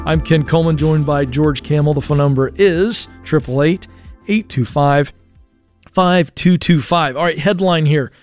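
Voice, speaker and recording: A man's voice: a little high, a little slow, darkish tone, faint music behind. A man hosting a talk radio show, explaining a news story in a chatty way with asides and fillers. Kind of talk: casual talk radio chat.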